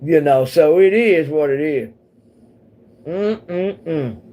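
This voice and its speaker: Low and dark in tone, her voice has lively intonation and stretched-out words. This woman, from Missouri and Oklahoma in the central US, hosts an easygoing livestream, rambling with viewers and laughing frequently.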